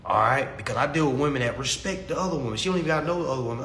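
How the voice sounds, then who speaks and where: A man's voice: mid-range voice, expressive, racing, fairly bright tone, slight background noise. Guy going off on his stream, preachy and slangy, says stuff twice, roomy echo. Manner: preachy, emphatic, repeats himself, slangy. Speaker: livestream host answering chat. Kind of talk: casual livestream monologue.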